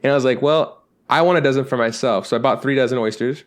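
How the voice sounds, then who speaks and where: Fast-talking man telling rambling stories. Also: medium pitch. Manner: rambling anecdotes with acted-out quotes, swears freely. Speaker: podcast co-host. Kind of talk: casual storytelling chat.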